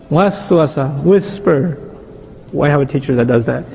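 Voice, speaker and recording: A middle-aged man giving an animated religious lecture as an Islamic teacher, often quizzing his audience. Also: on the high side, vocal fry.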